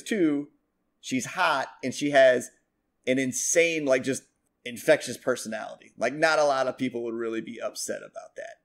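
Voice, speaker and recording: A man co-hosting a TV review show, talking in a rambling, profane, animated way with lots of fillers. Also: medium pitch. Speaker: podcast co-host. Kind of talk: casual chat.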